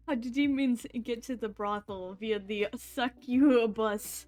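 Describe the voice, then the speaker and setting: A woman's voice: on the high side, slow pace, a little mellow, faint music behind. A woman hosting a casual stream, joking around and laughing often. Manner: giggly, joking, frequent laughter. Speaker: streamer host.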